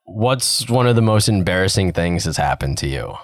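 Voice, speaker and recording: A man's voice: low-pitched, lively intonation, normal speed, dry recording, clean studio sound. A young man in casual chat, telling an embarrassing story step by step in a laid-back way. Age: young adult.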